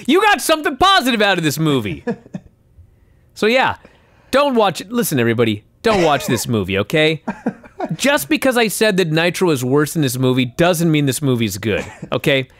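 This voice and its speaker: A man's voice: on the high side, big pitch swings, moderate pace, a bit bright, no room sound. A man co-hosting a podcast, ranting and swearing in exasperated casual chat. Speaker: podcast co-host.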